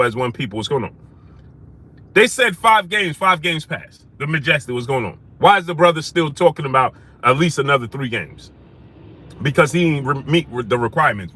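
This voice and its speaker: A man hosting a live stream, shouting out viewers by name and repeating phrases for emphasis as he rises to heated outrage. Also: a little high, breathy edge.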